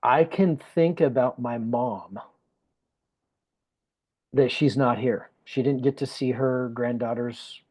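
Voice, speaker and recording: A man's voice: medium pitch, slow, long pauses, darkish tone, breathy edge. Earnest man telling an emotional story. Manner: earnest, emotional, repeats phrases for emphasis. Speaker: guest speaker. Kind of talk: personal storytelling in conversation.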